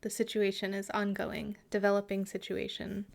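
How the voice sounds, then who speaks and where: A woman's voice: mid-range voice, completely flat delivery, normal speed, vocal fry. A woman streamer in casual live chat with her viewers, chatty and giggly, sometimes muttering asides to herself.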